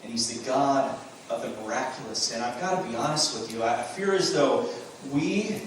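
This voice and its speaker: A man's voice: mid-range voice, moderate pace, a little hiss or hum. A man preaching a sermon as pastor, earnest, with rhetorical questions and emphatic bursts. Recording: very echoey room, mic from a distance.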